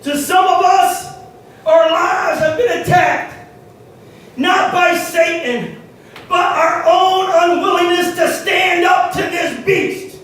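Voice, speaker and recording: High shouting preacher in an echoey hall. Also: male voice, fairly even intonation, slow pace. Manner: shouted preaching with many "uh" fillers, dropping to quiet asides. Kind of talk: sermon. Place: church hall. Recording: echoey hall picked up from far off, faint hiss.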